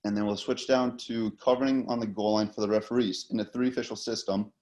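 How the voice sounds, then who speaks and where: A hockey officiating instructor with an American accent gives an instructional talk on linesman positioning, loose and casual, full of fillers and repeated words. His fairly low, darkish voice moves fast with fairly even intonation.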